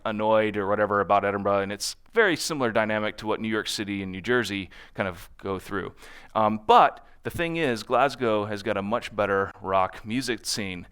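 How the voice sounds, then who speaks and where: A man's voice: lowish voice, fairly bright tone, clear, resonant tone. A man giving a conference talk in a conversational way, often checking in with the audience and acting out quotes in different voices. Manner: conversational, constantly checks in with "right?"; acts out other people's quotes in shifting voices. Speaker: conference speaker. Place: conference stage.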